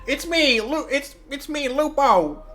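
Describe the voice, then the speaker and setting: A man voicing a big male mob enforcer in a tabletop game, greeting someone loudly and brashly. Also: extremely high pitch, expressive, slow pace, faint music behind, pitched above the performer's own voice, heavily acted.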